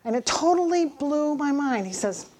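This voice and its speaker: Earnest higher-voiced woman giving a testimony. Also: expressive, normal speed, a little mellow. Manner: earnest, emphatic, storytelling with acted dialogue. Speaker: Bible teacher giving a testimony. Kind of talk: church testimony talk.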